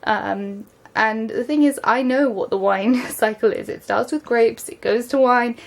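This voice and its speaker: A young English woman in a rambling, chatty vlog at home, filled with ums and quick bursts of speech. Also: on the high side, gravelly. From England. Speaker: vlogger. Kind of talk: casual vlog monologue. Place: home, just out of the shower.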